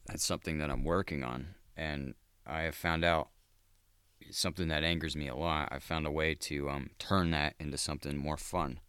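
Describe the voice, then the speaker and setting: Podcast host, man, extremely low smooth voice, profane and rambling. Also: steady tone, moderate pace, fairly bright tone, no echo. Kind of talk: casual solo podcast monologue.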